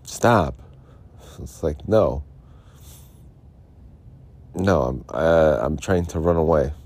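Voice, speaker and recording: A man with a warm bass voice speaks slowly, rambling sarcastically about a police ticket while tipsy and drinking beer, sometimes mumbling. He's a podcaster telling a personal story in a casual monologue, recorded outdoors, and he's homeless.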